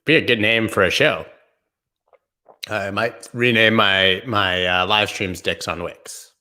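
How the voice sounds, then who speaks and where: A man's voice: fairly low pitch, fairly even intonation, slow, sharp tone. A man hosting a casual livestream, joking and riffing while he answers viewer comments. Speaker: host.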